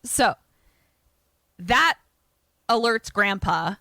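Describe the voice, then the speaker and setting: A woman co-hosting a casual podcast, retelling a film plot in an animated way with quick asides and laughs. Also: medium pitch, dry recording. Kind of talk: casual chat.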